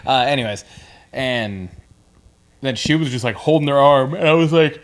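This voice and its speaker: A man talks through wrestling results with his co-host in an easy, rambling way. His voice sits at a middle pitch, and he stumbles and restarts as he jokes along. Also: normal speed, pauses often. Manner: loose, joking, many restarts and fillers. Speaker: podcast co-host. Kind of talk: casual wrestling recap chat.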